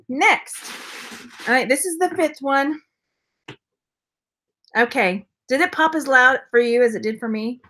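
A woman's voice: on the high side, fairly bright tone, a little hiss or hum. A woman chatting casually on a live stream, playful and rambling, throwing in silly sound effects. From Texas. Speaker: vlogger unboxing purses.

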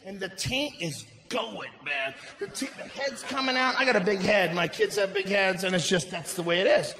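A middle-aged man doing a stand-up comedy set, telling a story loudly and profanely with shouted bursts. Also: high voice, moderate pace. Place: comedy venue on stage. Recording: echoey live venue with ambience.

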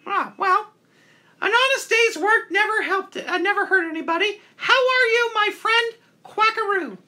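Voicing a cheerful male toilet paper puppet, a man hosts a live stream call-in show with chatty, playful banter. His exaggerated voice is very high-pitched, pushed and bright, at normal speed.

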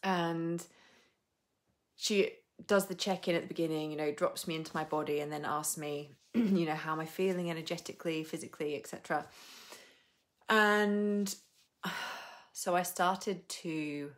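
Low-voiced woman chatting on a live stream. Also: fairly even intonation, a little slow. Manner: chatty and rambling, laughs often, swears casually. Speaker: coach hosting a live stream. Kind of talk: casual live stream chat.

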